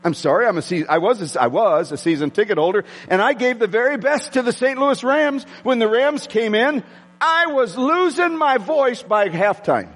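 A man preaching a sermon to his congregation, excitable and prone to yelling. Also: extremely high pitch, moderate pace. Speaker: pastor. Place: church sanctuary with congregation. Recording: long hall reverb.

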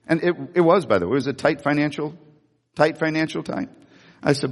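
An older man, a grandfather and pastor, preaches a sermon in a church sanctuary, telling stories in a folksy way and often restarting his phrases. His fairly high voice moves quickly with lively intonation, echoing as in a large hall.

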